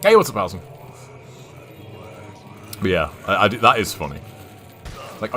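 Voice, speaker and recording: A man's voice: low voice, big pitch swings, normal speed, pauses often, sharp tone, faint music behind. A young English man streaming a game, rambling and chatting casually, swearing now and then. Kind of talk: casual chat while gaming.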